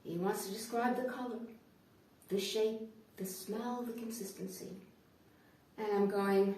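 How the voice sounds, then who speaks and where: A woman performing a sarcastic stand-up comedy monologue, swinging from hushed asides to loud outbursts. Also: mid-range voice, fairly even intonation, a little slow, long pauses, very echoey, far from the mic.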